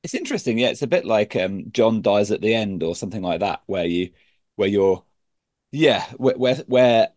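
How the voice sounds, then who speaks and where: A man with a low voice talking haltingly in a casual book chat, often restarting his sentences. The sound is dry and close. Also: animated, darkish tone, dry recording. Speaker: podcast co-host.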